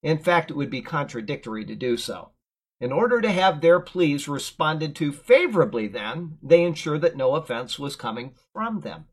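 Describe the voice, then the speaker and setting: A man teaching a Bible lesson, explaining words verse by verse and drifting into relaxed, chatty tangents. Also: fairly high pitch, moderate pace, slightly rough, poor audio. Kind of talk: verse-by-verse Bible commentary with casual asides.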